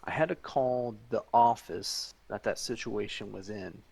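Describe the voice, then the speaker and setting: A man's voice: lowish voice, unhurried, vocal fry, darkish tone, breathy edge. A man co-hosting a podcast in casual chat, a jokey storyteller who laughs a lot. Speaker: podcast co-host.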